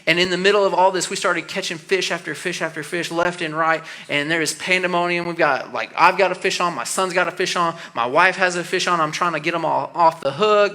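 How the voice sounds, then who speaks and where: Bright-voiced male youth pastor preaching. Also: on the high side. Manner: animated storytelling, drops to soft earnest tones. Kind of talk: youth sermon.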